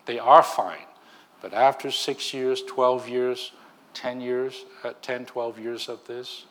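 Slow, emphatic male preacher. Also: medium pitch, level tone. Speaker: minister. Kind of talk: sermon.

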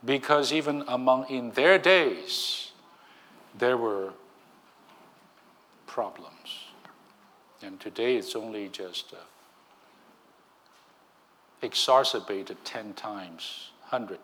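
A man's voice: medium pitch, extremely slow, long pauses, a bit bright. A man preaching a sermon as a minister, emphatic, with frequent restarts.

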